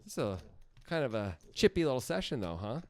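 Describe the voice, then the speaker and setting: Guy calling poker hands, voice jumps all over, chatty and quick to react. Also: mid-range voice, big pitch swings. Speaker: poker commentator. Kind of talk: casual poker commentary.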